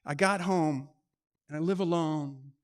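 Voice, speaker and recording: A man with a fairly high voice tells a personal story to a live audience. His lines are short and punchy, and he slips in and out of the dialogue as he acts it out. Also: a little slow.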